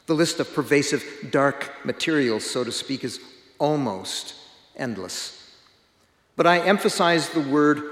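Preacher in an echoey hall. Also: male voice, mid-range voice, a bit bright. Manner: measured, emphatic delivery with dramatic pauses. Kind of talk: sermon. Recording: echoey hall with long reverb.

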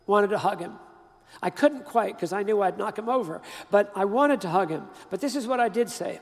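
An older man preaches in a high, gravelly voice, telling his story conversationally and leaning hard on key words. His voice rings out with a long reverb, as from a big hall. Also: lively intonation. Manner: conversational, emphatic storytelling with pauses and restarts. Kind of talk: storytelling sermon.

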